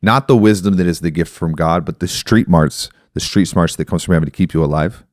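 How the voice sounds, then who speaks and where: Podcast host, male, thirties, deep-pitched, reflective explainer, dry close sound. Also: a little fast, dry recording. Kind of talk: casual podcast conversation.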